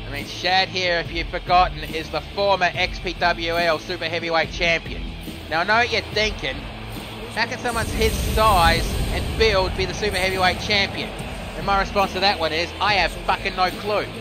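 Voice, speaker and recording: A man giving live play-by-play commentary on a simulated wrestling show, excitable and joking, swearing casually. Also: sits high, moderate pace. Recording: music playing behind.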